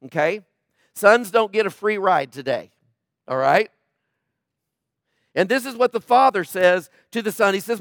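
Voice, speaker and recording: A male pastor preaching a sermon, emphatic and questioning the congregation, swinging from loud emphasis to low quiet tones. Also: unhurried, long pauses, no echo, studio quality.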